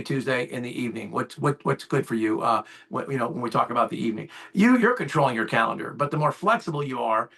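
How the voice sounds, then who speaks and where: A man's voice: mid-range voice, fairly bright tone. A man in his fifties, an insurance sales agent, talking on a call. He gets fired up and acts out both sides of his client calls. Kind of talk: casual call talk. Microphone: call audio.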